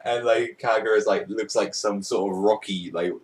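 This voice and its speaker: A man's voice: fairly low pitch, steady tone, normal speed, recorded from a distance. A young man casually reviewing a manga chapter, rambling and amused, with lots of fillers.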